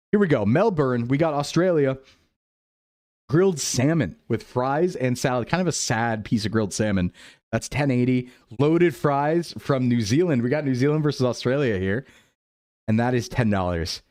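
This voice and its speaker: A man's voice: mid-range voice, a little mellow, no echo, studio quality. A man streaming casually, thinking aloud and joking with his chat as he plays a guessing game. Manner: playful, jokey, thinking aloud. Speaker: VTuber streamer.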